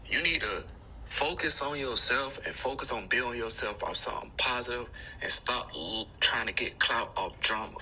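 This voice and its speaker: A man's voice: mid-range voice, normal speed, noisy background. A man arguing back defensively in blunt, slangy talk. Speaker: rapper in a feud. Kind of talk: defensive argument.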